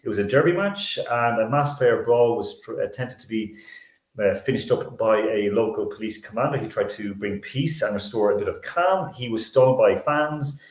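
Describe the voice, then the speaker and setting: A man's voice: lowish voice, roomy sound. Rambling man hosting a sports show. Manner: rambling, self-correcting storyteller. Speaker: sports talk show host. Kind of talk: casual sports talk.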